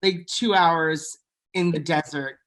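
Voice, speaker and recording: A young woman on a podcast, gossiping about reality TV in a blunt, animated way. She jumps between her own opinions and quick impressions of other people. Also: low-pitched. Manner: blunt, animated, quotes people in put-on voices. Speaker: podcast co-host. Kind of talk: casual reality TV gossip chat.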